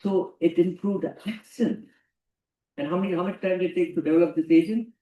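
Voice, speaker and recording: A man's voice: high-pitched, fairly quick, phone-quality sound. A man giving an emphatic lecture to students, often repeating key phrases. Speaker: guest lecturer. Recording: roomy hall, distant mic.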